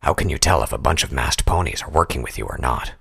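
A man voicing a calm, cold male pony captain who questions a prisoner flatly, with a gravelly voice. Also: extremely low pitch, fast talker, pitched below the performer's own voice, exaggerated voice. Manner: flat, patient. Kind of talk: audiobook character voice.

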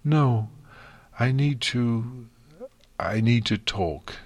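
A frightened young unicorn mare, her voice lifted well above a deep reader's tone, whimpering and sniffling through her words, as a man puts her on. She speaks slowly and shakily in a dry, close storybook reading. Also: no room sound. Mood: distraught. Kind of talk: audiobook fan fiction reading.

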